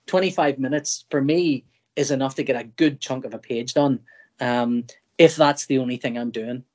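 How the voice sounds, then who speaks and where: A middle-aged man from Northern Ireland talks as a podcast guest in an easygoing, conversational way. He rambles, restarts his sentences and slips into little acted-out versions of his own thoughts. His voice sits at an ordinary middle pitch. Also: normal speed, a little mellow. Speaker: comic artist guest.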